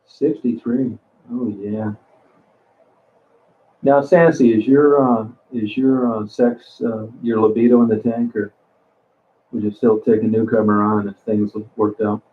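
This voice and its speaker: Reading viewer comments on a casual livestream, a man answers bluntly and crudely in a lowish, steady voice at an unhurried pace. The audio has a tinny, phone-like quality.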